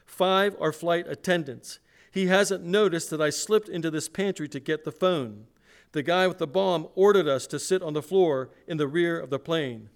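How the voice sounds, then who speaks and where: In a slightly high voice pushed upward, with vocal fry at a moderate pace, a male preacher voices a frightened airline passenger on an emergency call. His reading is raised, urgent and pressed.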